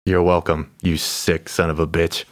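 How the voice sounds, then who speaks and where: A man co-hosting a podcast, making gloomy deadpan jokes in casual chat. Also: deep voice, normal speed, no room sound, clean studio sound. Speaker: podcast co-host.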